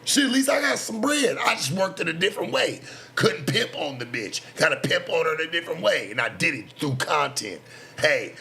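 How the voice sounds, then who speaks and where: A man's voice: fairly high pitch, creaky, pushed and bright. A man in his thirties hosting a late night talk show, ranting casually and defensively with lots of slang and swearing. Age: 30s. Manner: boastful, defensive, heavy slang. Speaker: show host. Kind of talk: profane casual rant.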